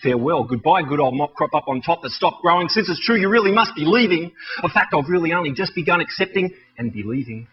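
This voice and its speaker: High-voiced Australian man, wry spoken-word poet. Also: expressive, fast talker, hardly any pauses, dull audio. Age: 30s. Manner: rhythmic, wry and self-mocking delivery. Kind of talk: rhyming spoken-word performance.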